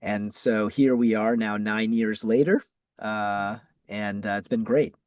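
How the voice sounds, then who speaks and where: A middle-aged man from Massachusetts with a Boston accent, answering interview questions in a measured way with frequent ums and restarts. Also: lowish voice, steady tone, a little mellow, no room sound. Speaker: guest, ad agency founder.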